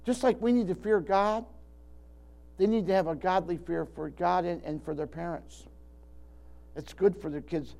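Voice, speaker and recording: Gray-haired male preacher, homespun and rambling, voice a touch high. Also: fairly even intonation, moderate pace, creaky, long pauses, darkish tone. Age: older. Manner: folksy, rambling, with many restarts. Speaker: pastor. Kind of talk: sermon.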